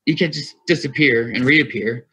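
Recorded lo-fi on a single USB mic, a man in his thirties co-hosts a podcast and tells a long, rambling story, often laughing and swearing without restraint. He talks at a moderate pace in a mid-range voice with a sharp tone and breathy edge.

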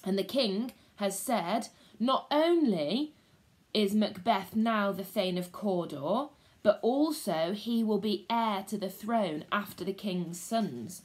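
A woman teacher, reading a story aloud to a class and pausing to explain it casually. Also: medium pitch. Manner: slow, expressive storytelling with casual asides.

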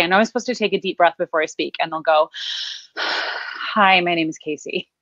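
A woman's voice: on the low side, no echo, muffled recording. A woman from the American Midwest with a Midwestern accent, coaching listeners through breathing and name exercises in an upbeat, instructive way. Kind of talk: guided vocal exercise.

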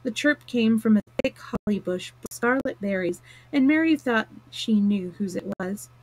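A woman reading a classic novel aloud on a live stream, plain and steady with small slips and restarts. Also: fairly high pitch, moderate pace, poor audio. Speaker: storyteller. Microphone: close mic, live stream.

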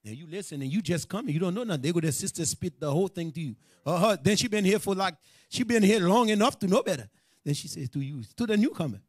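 In casual street language, a man leads a religious class, animated and full of jokes, stopping now and then to scold his listeners. He has a high, slightly rough voice and talks fast, with no room sound on the recording.

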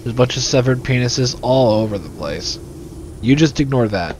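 A man's voice: mid-range voice, expressive, moderate pace, a little mellow, slight background noise. A young man hosting casual gameplay commentary, sarcastic and full of swearing and jokes into a desk microphone. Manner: profane, sarcastic, joking. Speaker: let's play host.

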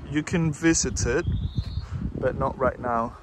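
Man vlogging outdoors in loud wind. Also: mid-range voice, takes it slowly. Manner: rambling, unsure, guesses at place names. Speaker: travel vlogger. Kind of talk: casual travel vlog narration. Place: outdoors by the sea.

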